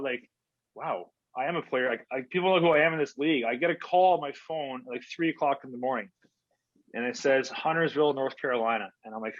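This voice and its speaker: A Canadian man with a mid-range, slightly bright voice, appearing as a hockey player guest, tells chatty stories packed with fillers and quoted conversations. It's a casual interview recorded in dull, dry lo-fi audio with no room sound.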